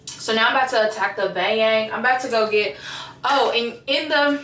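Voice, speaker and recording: A woman's voice: fairly high pitch, moderate pace, a bit bright. A young woman vlogger chatting casually to her viewers while she styles her wig, slangy and talkative. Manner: chatty, slangy, addresses viewers as you guys. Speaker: beauty vlogger. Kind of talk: casual get-ready-with-me chat. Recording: roomy echo, mic at a distance, faint ambience.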